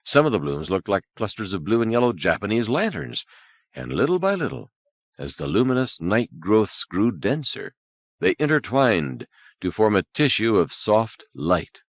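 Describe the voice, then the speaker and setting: A man narrating an audiobook novel in a lively, expressive read, with soft, hushed character lines. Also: lowish voice, moderate pace, no room sound. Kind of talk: scripted narration. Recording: old cassette audiobook, dry.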